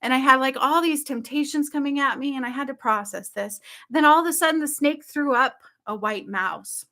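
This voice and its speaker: A woman telling her viewers about a dream in casual, excited speech, often checking in with "okay?" and "like". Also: sits high, moderate pace. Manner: excited, breathless storytelling with frequent "like" and "okay?". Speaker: spiritual channel host.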